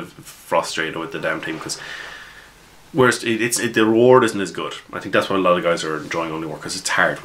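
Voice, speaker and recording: A man with a very low voice and a bright, forceful edge to his tone tells the story of his latest tabletop game session. He talks as the game master, in a loose, rambling, conversational way. His recap comes across as offhand spoken chat rather than a script.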